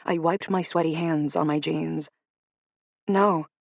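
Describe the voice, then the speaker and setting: A woman narrating a dark romance audiobook in the first person, measured and steady. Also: low voice, creaky, dry recording. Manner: measured storytelling.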